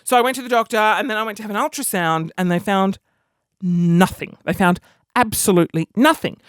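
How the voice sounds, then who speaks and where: A man's voice: high-pitched, fairly quick, clean tone, dry recording, clean studio sound. A man telling comic personal stories in a casual podcast vlog, acting out the people in them. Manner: animated, acts out people in the story. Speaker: podcast host.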